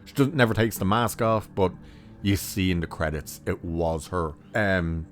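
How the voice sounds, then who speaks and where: A man's voice: sits low, measured pace, faint music behind. A man giving a casual, rambling spoken film review, blunt and full of restarts and asides.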